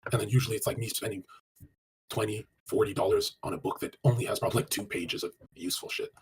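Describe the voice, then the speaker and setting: A man's voice: fairly low pitch, steady tone, a little hiss or hum. A man giving casual dating advice on a live stream, blunt and crude, swearing often and rattling on with many fillers as he answers chat. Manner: rapid, run-on delivery with many fillers.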